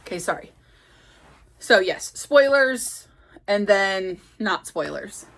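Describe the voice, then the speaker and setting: Excitable rambling woman book vlogger. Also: mid-range voice, slow. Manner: rambling and excitable, many fillers and restarts. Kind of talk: casual chat. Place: at home with her cats.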